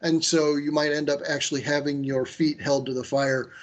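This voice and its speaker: Male trainer on a video call, slightly high voice, chatty and full of "uh"s, gives firm recommendations. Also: little pitch movement, normal speed. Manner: conversational, with many fillers and restarts. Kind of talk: online training presentation.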